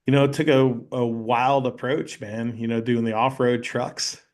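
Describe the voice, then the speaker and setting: A man guest on a podcast, telling animated stories in casual chat and acting out the people he quotes. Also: mid-range voice, normal speed. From North Carolina. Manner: animated storyteller, acts out quoted voices, many "you know"s.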